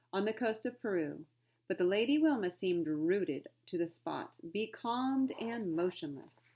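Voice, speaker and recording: A woman reads a children's storybook aloud. Her narration is clear and steady. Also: medium pitch, muffled recording. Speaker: reader.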